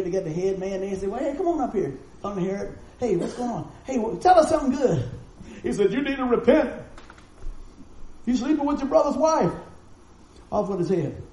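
A pastor with a drawl, talking to his congregation in an easy, folksy way. His voice sits high for a man but sounds warm and mellow. The sermon echoes around a roomy church hall, with a faint murmur of ambience underneath. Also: a little hiss or hum. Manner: folksy, conversational preaching with rhetorical questions. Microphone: live stream mic.

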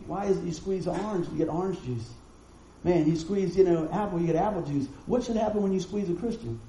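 A pastor with a drawl, talking to his congregation in an easy, folksy way. His voice sits high for a man but sounds warm and mellow. The sermon echoes around a roomy church hall, with a faint murmur of ambience underneath. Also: a little hiss or hum. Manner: folksy, conversational preaching with rhetorical questions. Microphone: live stream mic.

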